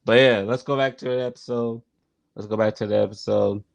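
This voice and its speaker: With a fairly low, gravelly voice and a steady tone, a man hosts a casual YouTube vlog reviewing a sitcom. He talks straight to the camera, unhurried, repeating his phrases and often saying "like." The recording is dry.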